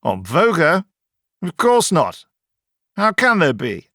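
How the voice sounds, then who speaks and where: A man's voice: fairly high pitch, huge pitch swings, slow, bright, forceful tone, no echo, voice pushed up, exaggerated voice. A man voicing an arrogant male scientist who speaks loftily and impatiently. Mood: scornful. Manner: lofty, impatient, sneering.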